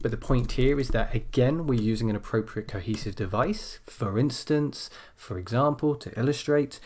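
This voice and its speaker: Male teacher, mid-pitched, steady explainer of writing skills, leans on key phrases. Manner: measured explaining, stresses key phrases as he types. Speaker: language teacher. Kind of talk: recorded essay-writing lesson.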